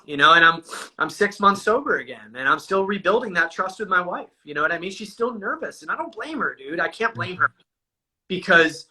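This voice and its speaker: A man recounts his own experiences in loose, candid conversation. His voice sits a little high and sounds very bright and forward. He swears often and tosses "dude" into nearly every sentence. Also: husky, poor audio. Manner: casual and profane, says "dude" constantly. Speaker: guest sharing a recovery story.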